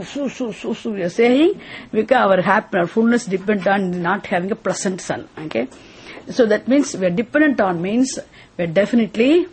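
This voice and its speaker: A woman, teaching a scripture lesson slowly and deliberately, repeating phrases and asking rhetorical questions. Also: mid-range voice, a little mellow, slight background noise.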